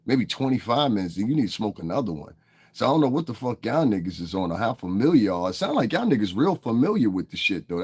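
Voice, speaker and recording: With a husky, darkish, mid-range voice, a livestream host addresses his chat directly. He launches into a heated, profane, confrontational tirade against his viewers.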